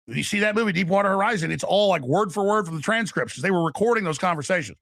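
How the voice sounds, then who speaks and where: A man's voice: high-pitched, animated, very fast, fairly bright tone, no echo, studio quality. A man giving urgent, emphatic political commentary as a talk show host, scoffing and driving his points home.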